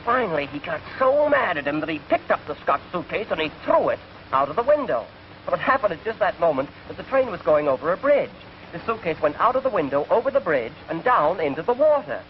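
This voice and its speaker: A man's voice: high-pitched, very animated, fast, slight background noise. A young English man in his twenties, a genial, chatty entertainer telling jokes in 1940s film dialogue, on a muffled old film soundtrack. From England. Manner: genial, chatty storyteller who laughs at his own gags. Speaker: entertainer just out of the service.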